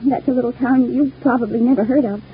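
An actress playing a clingy, lovesick young widow in a 1940s radio soap, talking in a gushing, wistful and intense way. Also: female voice, on the high side, fairly even intonation, quick pace, breathy edge. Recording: tinny old radio broadcast.

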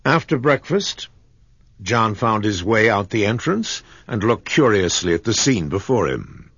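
Husky, low-voiced male narrator reading a classic story, unhurried and dry. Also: very animated, fairly bright tone, dry recording, highs cut off.

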